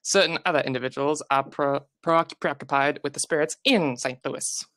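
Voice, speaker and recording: Low-pitched playful woman, dry sound. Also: moderate pace, a bit bright, no echo. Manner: playful, laughs and teases. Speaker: host of the reading. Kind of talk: casual comic read-along.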